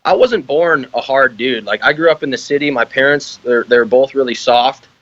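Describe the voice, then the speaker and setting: A man's voice: mid-range voice, moderate pace, a bit bright, no echo, muffled recording. Laughing, swearing young man guest. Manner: laughing, heavy swearing, loose rambling. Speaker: podcast guest, army veteran. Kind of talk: casual podcast chat.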